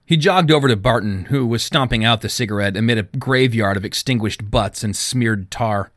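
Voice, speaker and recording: A man narrating a novel as an audiobook, with expressive storytelling. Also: lowish voice, normal speed, no room sound, studio quality. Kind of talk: scripted narration.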